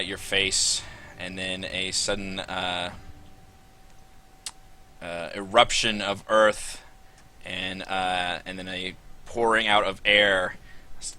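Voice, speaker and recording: A man's voice: low voice, pushed and bright. A man narrating as game master in a tabletop game, improvising hesitantly with lots of ums and uhs.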